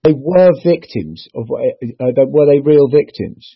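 A man's voice: mid-range voice, unhurried, vocal fry, slightly rough, no echo. A man interviewing a guest, speaking hesitantly, stumbling and restarting his questions. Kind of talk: casual conversation. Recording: dull lo-fi sound.

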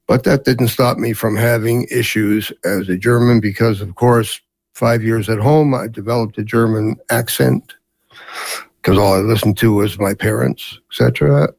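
A man's voice: fairly low pitch, normal speed, vocal fry, darkish tone, no echo. A man in his seventies who grew up in Canada, telling family stories as an interview guest in a rambling way with many fillers. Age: 70s. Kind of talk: storytelling in a casual interview.

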